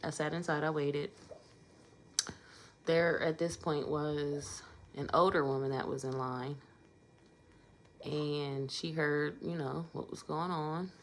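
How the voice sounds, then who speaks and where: A woman with a strikingly deep, low voice tells a casual storytime vlog. She talks conversationally and leans into emphatic asides. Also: steady tone, slow, pauses often, a little hiss or hum.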